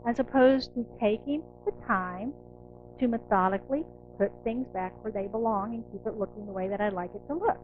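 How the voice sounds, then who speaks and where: A middle-aged woman minister giving a conversational, animated sermon, acting out inner voices. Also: a little high, fairly quick, narrow, tinny audio, soft background music. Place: church sanctuary.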